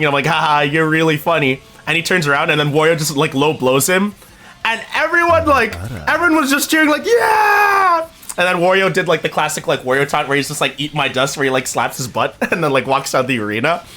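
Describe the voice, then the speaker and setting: A man streaming live, telling a rambling, excitable story and chatting with his viewers, his voice a little worn from a convention. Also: on the high side. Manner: excitable, rambling storyteller who addresses chat. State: voice recovering from a convention. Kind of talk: casual live-stream chat.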